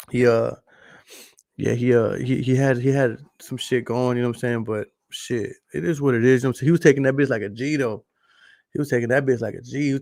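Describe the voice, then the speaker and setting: Profane Texan podcast host, dry close mic. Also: male voice, medium pitch, vocal fry, dry recording. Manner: profane, storytelling, repeats phrases for emphasis. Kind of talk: casual late-night podcast monologue.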